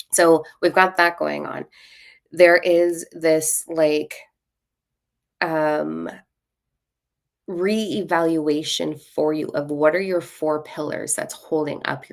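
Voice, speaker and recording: A woman's voice: low voice, vocal fry. A woman hosting a spiritual live stream, giving casual card readings in a blunt, playful way and swearing freely. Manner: self-mocking and playful.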